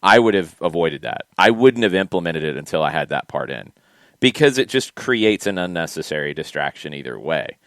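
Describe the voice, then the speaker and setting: A man co-hosting a casual soccer podcast, emphatic and opinionated, quick to push back. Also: deep voice, animated, fairly bright tone, no echo, studio quality. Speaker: podcast co-host. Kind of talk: casual sports talk.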